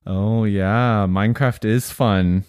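A man co-hosting a casual family chat, easygoing and quick to laugh. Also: on the low side, steady tone, a little mellow, clear, resonant tone, no room sound, clean studio sound. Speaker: podcast co-host and father.

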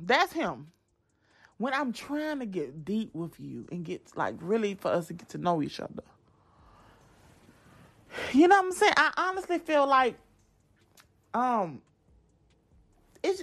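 A young woman hosts her podcast in a loose, chatty way, speaking straight to her listeners. Her voice sits fairly high and swoops widely as she talks. She restarts sentences often and rambles from point to point. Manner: chatty and animated, addresses listeners directly, frequent restarts. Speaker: podcast host. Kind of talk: casual chat.

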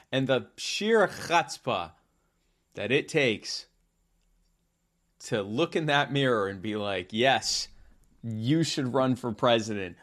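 A man's voice: mid-range voice, a bit bright. A man co-hosting a podcast, rambling and sarcastic in casual political comedy chat, with lots of filler words. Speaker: podcast co-host.

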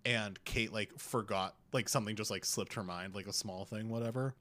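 A man's voice: lowish voice, moderate pace, a bit bright. A young man co-hosting a podcast in casual chat, rambling with lots of filler words. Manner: rambling, heavy use of "like". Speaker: podcast co-host.

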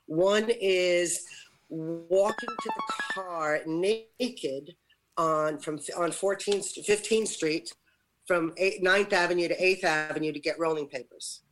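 A woman's voice: sits low, a little slow, slight background noise, low-quality recording. A woman hosting a radio talk show, telling friend stories in casual chat and laughing often. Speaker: show host. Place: radio studio.

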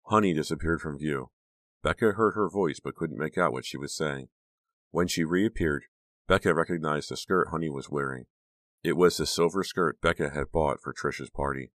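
Audiobook narrator, man, very low voice, suspenseful read, dry booth sound. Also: fairly quick, fairly bright tone, no echo. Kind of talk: scripted narration.

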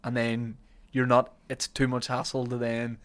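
A Northern Irish man hosting a casual podcast, reading sponsor spots with jokes and quick self-corrections. His voice sits in an ordinary middle pitch. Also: completely flat delivery, fairly bright tone. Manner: chatty, joking, self-correcting. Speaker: podcast host. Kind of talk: casual podcast chat with ad reads.

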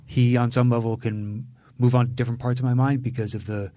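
A man's voice: mid-range voice, little pitch movement, fairly quick, dark tone, dry recording, studio quality. Opinionated man raving about films. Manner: enthusiastic, opinionated. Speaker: podcast co-host. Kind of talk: casual chat.

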